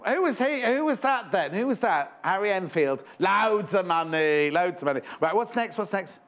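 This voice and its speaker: A man's voice: high voice, sing-song, brisk. A man presenting live on a shopping channel, chatting and joking in rambling asides. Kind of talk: live TV sales chat. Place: TV studio.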